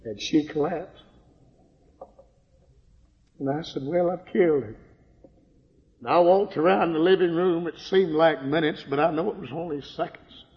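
An older man giving a fervent sermon testimony, swinging from hushed tones to loud outbursts. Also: on the high side, moderate pace, long pauses. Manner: impassioned, swings from hushed to shouting. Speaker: preacher giving his testimony. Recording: dull lo-fi recording in a reverberant hall.

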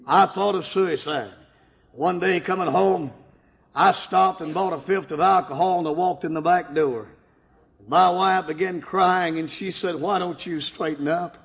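An older man giving a fervent sermon testimony, swinging from hushed tones to loud outbursts. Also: high-pitched, vocal fry. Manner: impassioned, swings from hushed to shouting. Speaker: preacher giving his testimony. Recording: dull lo-fi recording in a reverberant hall.

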